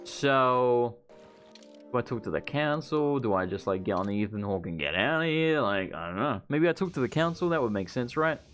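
A man with an Australian accent chats and jokes through a let's play, rambling from thought to thought. His pitch swings widely as he talks. Faint game music sits beneath his voice. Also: normal speed. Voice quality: animated, joking, rambling. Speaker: gaming YouTuber.

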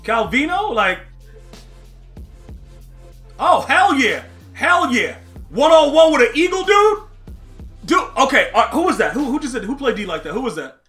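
Young dude streaming a football game, high bright voice, slangy and hyped, yells at the other player a lot. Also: male voice. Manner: slangy, excitable, bursts into yelling. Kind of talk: live gameplay commentary to chat.

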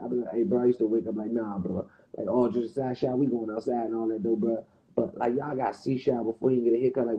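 A man's voice: mid-range voice, lo-fi sound. A man with a Washington DC area accent hosting a livestream, roasting someone in a profane, mocking, rowdy rant. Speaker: livestream host.

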